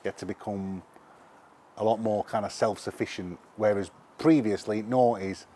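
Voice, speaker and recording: A middle-aged man with a broad Sheffield accent tells stories at speed, loose and sweary. His voice sits fairly low, and he talks like he's chatting with a mate. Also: normal speed. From England. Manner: animated, sweary anecdotes. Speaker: musician guest. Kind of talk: casual interview storytelling.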